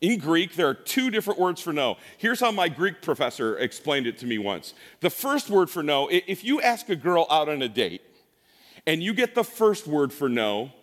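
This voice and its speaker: A man's voice: on the high side, sing-song, normal speed. A middle-aged man preaching a casual, joking sermon as pastor in a church, with frequent restarts. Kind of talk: conversational sermon. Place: church sanctuary. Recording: long church reverb.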